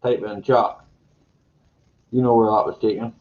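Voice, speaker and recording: A man hosting a casual live chat, greeting viewers by name in a slow, meandering way and chuckling to himself. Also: fairly low pitch, fairly even intonation, phone-quality sound. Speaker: live stream host. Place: home room with green screen.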